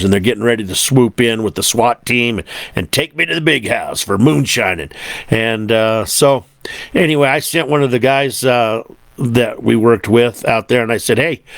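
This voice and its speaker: Male host, mid-pitched, relaxed storyteller who rambles with lots of fillers, dry close sound. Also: no echo. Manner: rambling, laid-back, lots of fillers and "man". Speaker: show host. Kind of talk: casual storytelling monologue.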